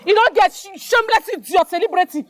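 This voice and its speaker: An actress with a Nigerian accent playing a furious woman who loudly shames a man who owes her money, shouting in Pidgin. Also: very high-pitched, fast talker, dry recording. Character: loud furious woman shaming a debtor in public. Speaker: businesswoman owed money. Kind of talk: Nollywood film acting.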